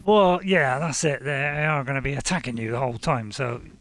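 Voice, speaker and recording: A man's voice: medium pitch, a little fast, a bit bright, slight background noise. A middle-aged man hosting a gaming video, chatting casually with his daughter as they play, rambling and poking fun at himself. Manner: rambling, self-deprecating, chuckling. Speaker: gaming channel host, playing with his daughter. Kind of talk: casual co-op gameplay chat.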